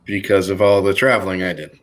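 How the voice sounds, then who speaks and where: A man's voice: deep voice, fairly even intonation, a little fast. A man with a Boston accent, a guest on a casual livestream chat, easygoing and full of fillers. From Boston, United States. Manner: easygoing, laughs often, hesitant fillers.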